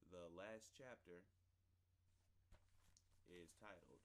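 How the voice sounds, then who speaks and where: A man casually working through a textbook lesson on camera, reading passages aloud and slowly sounding out syllables, rambling between them. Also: sits low, a little hiss or hum, rough recording. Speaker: self-taught learner presenting a lesson. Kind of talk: casual vlog-style lesson.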